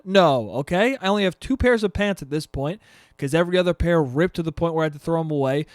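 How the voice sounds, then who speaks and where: A young man talks alone into the mic, his voice sitting high and loose as he swears and rambles through his own casual podcast. He keeps making fun of himself. The sound is close and dry with no room around it. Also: dry recording. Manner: profane, rambling, self-mocking. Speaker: podcast host. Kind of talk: casual solo podcast chat.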